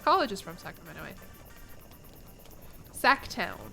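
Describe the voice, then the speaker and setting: A woman's voice: mid-range voice, sing-song, normal speed, gravelly, sharp tone, faint music behind. A young American woman streaming a game, chatting casually with her viewers in a playful, rambling way. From United States. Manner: rambling, playful, laughs between lines.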